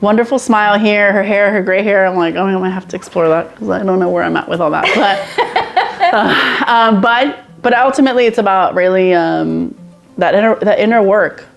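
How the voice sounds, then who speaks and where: A woman hosting a casual podcast chat, animated, laughing often and repeating phrases. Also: medium pitch, brisk, creaky, soft background music. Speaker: podcast host.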